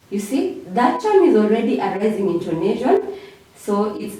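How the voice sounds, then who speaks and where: A woman gives an English revision lesson at an unhurried pace, her pitch moving up and down widely. She repeats her key terms and checks in with a sharply rising "okay?" The recording is very echoey, with the voice set back from the microphone. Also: very animated, warm tone. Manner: repeats key words, ends phrases with a high "okay?". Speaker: English teacher. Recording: echoey room, voice far from mic.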